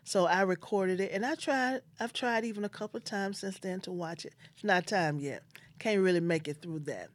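A woman's voice: mid-range voice, normal speed. A woman hosting her own show, telling a personal family story in an earnest, heartfelt way. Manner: heartfelt, earnest, quotes others with feeling. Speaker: host.

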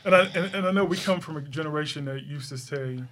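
A middle-aged man with a slightly raised pitch, hosting a relaxed conversation. He talks earnestly and with feeling, often stopping and restarting his sentences. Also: quick pace, slight background noise. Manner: earnest, emotional, many restarts. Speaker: host. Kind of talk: casual interview chat.

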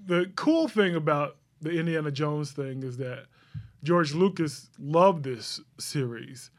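A man's voice: fairly high pitch, animated, slow pace. A man co-hosting a podcast, chatting casually about a movie and agreeing often with his partner. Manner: agreeable, frequent backchannel "right". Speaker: podcast co-host.

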